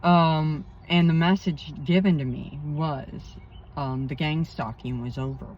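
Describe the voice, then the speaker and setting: Woman counselor, slow rambling vlogger, emphatic, dull lo-fi outdoor sound with faint noise. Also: very deep voice. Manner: emphatic, rambling, indignant asides. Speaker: spiritual counselor. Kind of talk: rambling personal vlog. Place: outdoors by a pond.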